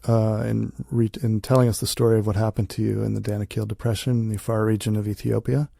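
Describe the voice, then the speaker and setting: A man hosting a comedy podcast, reading a parody ad with dry, deadpan delivery. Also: fairly low pitch, quick pace, creaky, no echo. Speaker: podcast host.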